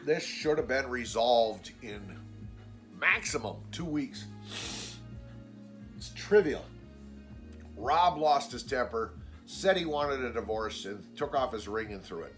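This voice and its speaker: A man's voice: animated, slow pace, long pauses, faint music behind. Blunt, exasperated man venting casually. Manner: blunt, exasperated, swears freely; acts out quoted people with raised pitch. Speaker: vlogger. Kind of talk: casual storytelling monologue.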